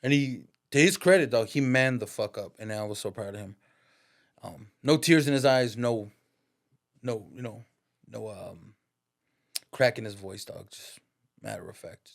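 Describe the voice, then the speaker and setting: A man's voice: on the low side, measured pace, creaky, long pauses. A man in his thirties, a barber, telling a story in a casual, slangy, profane way. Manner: slangy and profane, peppers talk with "dog" and "bro". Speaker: podcast guest, barber.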